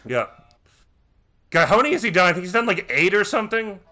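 A man's voice: high voice, very animated, brisk, pushed and bright. A man co-hosting a podcast, chatting casually with a rambling, profane manner and many restarts. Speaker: podcast co-host.

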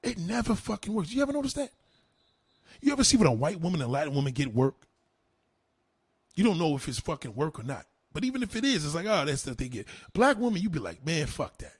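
Loud, heated man ranting to chat. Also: high voice, fast, breathy edge, no room sound, clean studio sound. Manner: loud, profane, heated, animated. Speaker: online streamer. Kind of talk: profane rant to a live chat.

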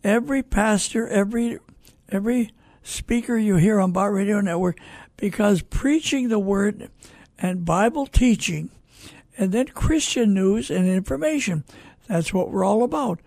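An older man hosting a Christian radio program, reading listener calls with slow, preacherly asides. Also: sits high, darkish tone, dry recording. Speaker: radio host and network founder. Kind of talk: folksy radio commentary.

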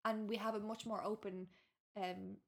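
A woman's voice: medium pitch, little pitch movement, moderate pace, gravelly. An Irish woman in her thirties, a guest author talking frankly and casually on a podcast, full of "like" and "you know". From Ireland. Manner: frank and chatty, with lots of fillers like "like" and "you know".

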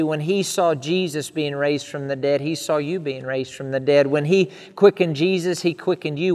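A man's voice: on the high side, long reverb tail. A man preaching a sermon in an earnest style, building emphatic repeated lists.

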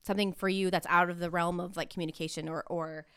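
Low-pitched, rambling woman co-host. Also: fast talker, clear, resonant tone, dry recording, studio quality. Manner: relaxed, rambling, with fillers and restarts. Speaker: podcast co-host reading horoscopes. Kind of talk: casual chat.

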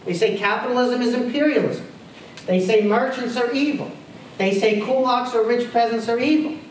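A man's voice: very high-pitched, moderate pace, a little hiss or hum. A man giving a university history lecture, emphatic, firing off rhetorical questions and repeating his key phrases. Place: lecture hall. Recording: roomy hall audio picked up from a distance.

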